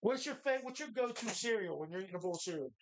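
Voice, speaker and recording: A man's voice: high voice, expressive, quick pace. A man hosting a live bar show, chatting casually in a rambling, profane, jokey way.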